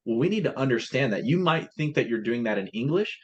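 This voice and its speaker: A man's voice: mid-range voice, expressive, fast talker, hardly any pauses, breathy edge, lo-fi sound. A man in a casual business chat, explaining his translation company's process step by step and often restarting his phrases.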